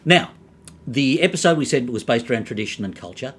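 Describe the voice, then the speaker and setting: A man's voice: mid-range voice, expressive, a little fast, a bit bright, slightly rough. A man from Australia with an Australian accent, co-hosting a comedic review chat with upbeat banter. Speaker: co-host.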